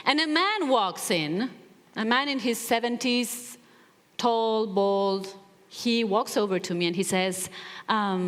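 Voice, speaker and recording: A woman motivational speaker giving a stage talk, telling stories with animated, emphatic repetition. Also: on the high side, slow pace. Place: large theater stage. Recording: reverberant hall.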